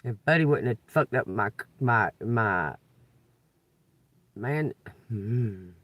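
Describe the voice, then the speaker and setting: A woman's voice: extremely low pitch, lively intonation, slow, dry recording, dull audio. Agitated woman, profane rant. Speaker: tarot reader. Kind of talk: unscripted venting vlog. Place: in a car. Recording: dry, a little far from the mic.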